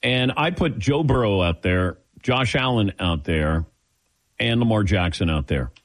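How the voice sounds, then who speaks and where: A man's voice: lowish voice, animated, measured pace. A man hosting a sports talk show, chatting loosely with plenty of restarts and fillers. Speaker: sports radio host.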